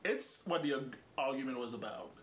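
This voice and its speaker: A man's voice: mid-range voice, a little fast, reverberant. A man co-hosting a casual reaction chat, arguing his point, laughing often and repeating himself. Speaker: reaction video co-host.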